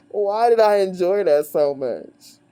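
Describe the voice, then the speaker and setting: A woman giving a casual tarot reading. She talks at an unhurried, drawn-out pace with a voice that swoops up and down in pitch. She is blunt and profane, gleefully mocking, and laughs often between phrases. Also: warm tone. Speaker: tarot reader.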